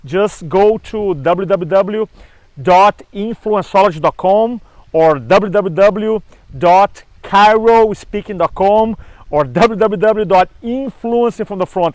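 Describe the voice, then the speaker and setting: Man, high-pitched, animated storyteller, dry recording. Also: unhurried, no room sound, low-quality recording. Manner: animated storyteller acting out dialogue. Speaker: speaking coach. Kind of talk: storytelling to camera.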